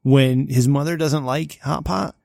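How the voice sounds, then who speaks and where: Gravelly podcast co-host man. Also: medium pitch, a little slow, dry recording, studio quality. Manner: animated storyteller, blunt, profane. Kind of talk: casual chat.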